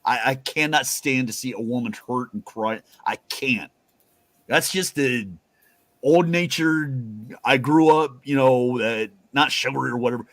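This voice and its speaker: A man's voice: mid-range voice, a little slow, fairly bright tone, no room sound. A man hosting a casual talk show, rambling and swearing with emphatic asides. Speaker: host. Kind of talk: casual chat.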